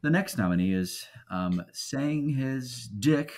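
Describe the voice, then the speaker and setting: A man's voice: medium pitch, expressive, slow pace, background noise. A man co-hosting a comedy podcast in loose, joking casual chat, often acting out quotes in exaggerated voices. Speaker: podcast co-host.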